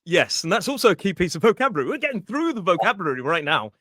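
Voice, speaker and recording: A British man chatting on a podcast, patiently unpacking everyday words for learners. His voice is bright and lively, swinging up and down in pitch, recorded close and dry. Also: no echo. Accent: British English. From Britain. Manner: explains words slowly for learners, friendly. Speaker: podcast host and English teacher. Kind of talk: casual podcast chat teaching vocabulary.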